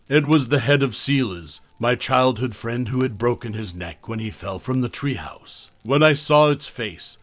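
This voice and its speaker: A man reading a horror story aloud in a measured, even storytelling voice. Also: medium pitch, dry recording. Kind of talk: scripted narration.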